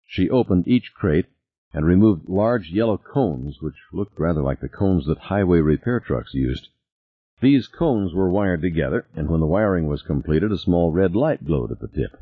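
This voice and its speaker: A man reading a suspense novel aloud in a deep, husky voice. His delivery is expressive, moving widely in pitch, and the sound is tinny and narrow. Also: normal speed. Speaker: audiobook narrator. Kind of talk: scripted narration. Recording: tinny lo-fi recording.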